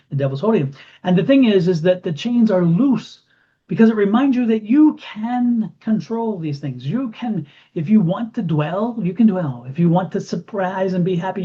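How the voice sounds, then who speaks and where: A man giving an intuitive tarot reading to camera, animated and repeating phrases for emphasis. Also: high-pitched, husky. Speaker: tarot reader. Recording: dull lo-fi sound.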